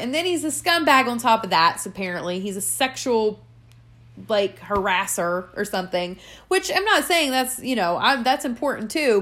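A young woman with a somewhat high voice rants on her own podcast. She talks casually and heatedly, full of "like" and "you know," and drops curse words freely. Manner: profane, animated ranting with many fillers. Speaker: podcast host. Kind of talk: ranting solo podcast.

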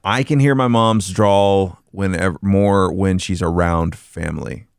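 Low-voiced, hesitant man in casual chat. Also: gravelly, smooth, no room sound, studio quality. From Southern United States. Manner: relaxed, halting, with many restarts. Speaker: podcast co-host.

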